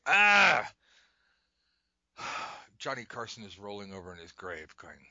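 A man improvising comic stories on a podcast, animated and giggly. His voice is bright and swoops up and down. The recording is dull lo-fi in a dead, dry room. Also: mid-range voice, a little slow, gravelly, pauses often. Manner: animated, laughs often, jumps into silly voices. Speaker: podcast co-host. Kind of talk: improvised comic storytelling game.

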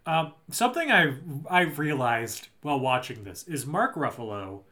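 A man's voice: mid-range voice, big pitch swings, moderate pace, sharp tone. A man co-hosting a casual chat, recapping a movie plot in a rambling, dry, joking way. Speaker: podcast co-host.

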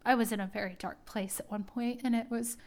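A woman's voice: a little high, fairly even intonation, a little fast. A woman hosting her own podcast, talking casually and at length in a rambling, heartfelt way. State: tearing up. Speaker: podcast host. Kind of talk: casual personal talk.

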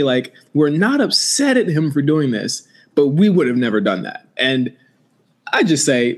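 A man co-hosting a wrestling podcast, chatting casually, laughing and swearing, often restarting his sentences. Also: mid-range voice. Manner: laughing, profane, rambling with restarts. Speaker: podcast co-host. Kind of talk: casual chat.

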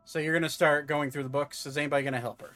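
A man narrating a tabletop role-playing game as game master, recapping events with many pauses, filler sounds and restarts. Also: on the high side, little pitch movement, fairly bright tone, faint music behind.

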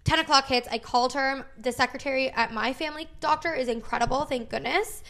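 A podcast co-host in her thirties, speaking fairly quickly in a slightly high voice, tells a story during loose, casual chat. She performs every quote with animated, wide-swinging delivery and swears freely.

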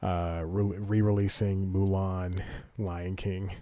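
A man's voice: sits low, flat delivery, slow pace, warm tone, dry recording. A man hosting a podcast, reading entertainment news aloud and rambling through it with self-corrections and casual asides. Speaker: podcast host.

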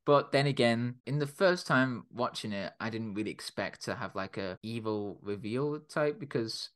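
A man co-hosting a film podcast in casual discussion, hesitant and full of fillers. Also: moderate pace. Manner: hesitant, lots of fillers, lively swings in pitch.

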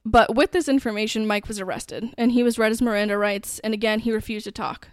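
A woman's voice: a little high, fairly even intonation, fast talker, no room sound, clean studio sound. A woman co-hosting a podcast, casually retelling a true-crime case with lots of fillers and some swearing. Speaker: podcast co-host.

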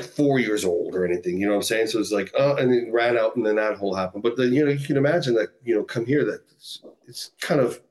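A man's voice: medium pitch, a little mellow. A man from Canada, a podcast guest, telling a story in a rambling, casual way full of "like" and "you know".

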